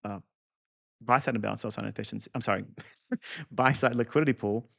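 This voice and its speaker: Gravelly, blunt man teaching live. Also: medium pitch, brisk, a bit bright. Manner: blunt, profane, digressive, talks to the viewer directly; repeats key points for emphasis. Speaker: trading educator. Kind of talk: live market review lesson.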